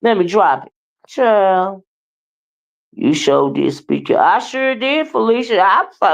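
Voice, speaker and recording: A woman's voice: mid-range voice, big pitch swings, measured pace, gravelly, dull audio. A woman hosting a casual livestream, scolding and sassy, with repeated "okay?" and "child.". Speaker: livestream host.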